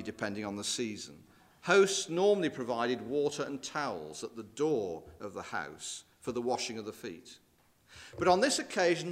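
A man preaching a sermon, walking listeners through scripture passages and asking rhetorical questions. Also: mid-range voice. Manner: expressive, rising and falling emphasis with rhetorical questions; quotes scripture in old-fashioned wording.

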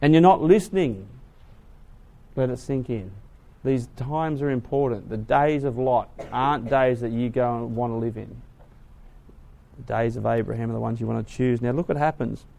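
A man preaching a sermon, retelling a story dramatically, swinging from hushed to loud. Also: mid-range voice, moderate pace, gravelly.

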